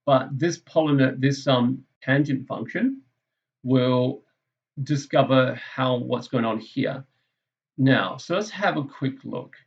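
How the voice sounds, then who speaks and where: A man's voice: mid-range voice, slow, vocal fry, lo-fi sound. Casual, self-correcting male maths teacher. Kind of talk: screen-recorded maths lesson.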